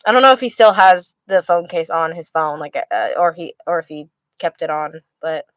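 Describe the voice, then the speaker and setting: A woman's voice: deep voice, moderate pace, fairly bright tone, dry recording, rough recording. A tired young woman hosting a livestream, chatting casually and rambling with many restarts as she answers her chat. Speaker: livestream host reading chat.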